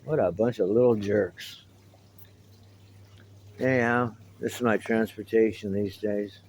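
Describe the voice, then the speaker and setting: A man's voice: lowish voice, fairly even intonation, a little slow, a little mellow, a little hiss or hum, rough recording. Rambling middle-aged man, wry vlog. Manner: meandering, reminiscing, wry asides. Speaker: vlogger. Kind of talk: casual rambling monologue to camera.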